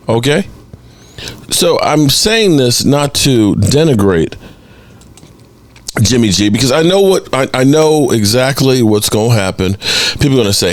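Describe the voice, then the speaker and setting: A man's voice: mid-range voice, measured pace, dry recording. A man hosting a sports podcast, giving opinionated, exasperated commentary and pushing back at critics. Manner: animated, exasperated, mocks critics in exaggerated voices.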